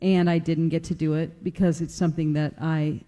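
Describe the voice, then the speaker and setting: A woman's voice: sits low, little pitch movement, normal speed, mellow. A woman guest in casual chat, hesitant and searching for words.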